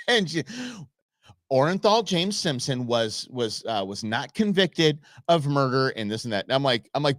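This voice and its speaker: Animated man host, lively storytelling. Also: mid-range voice, a little slow, dry recording, clean studio sound. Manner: animated storyteller, frequent restarts and asides to chat. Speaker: live show host. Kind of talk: casual rambling live-stream commentary.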